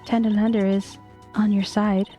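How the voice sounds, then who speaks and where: A sweet-talking hostess of a loan office, voiced by a woman, purring a soft, sugary sales pitch at a middle pitch. Faint music plays under the game reading. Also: level tone, moderate pace, close to an everyday voice. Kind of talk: reading game dialogue aloud.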